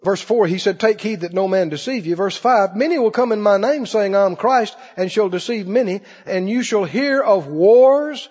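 A man preaching a sermon in an animated way, slipping into mocking put-on voices. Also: high-pitched, normal speed, few pauses, slightly rough. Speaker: pastor. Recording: dull recording in a reverberant hall.

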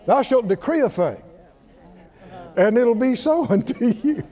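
Male preacher, high sing-song delivery, unhurried; long hall reverb. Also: expressive, mellow. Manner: emphatic call-and-response preaching. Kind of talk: sermon.

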